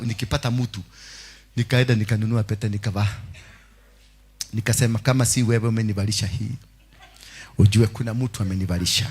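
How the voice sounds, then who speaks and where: A Kenyan man preaching a sermon as pastor, shouting and laughing with the congregation. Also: medium pitch.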